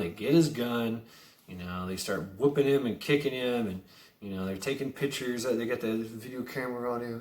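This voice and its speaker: Sarcastic swearing man in an echoey room. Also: mid-range voice. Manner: swears a lot, stammers and repeats words; sarcastic, chuckling asides. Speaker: vlogger. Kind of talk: profane casual monologue rant.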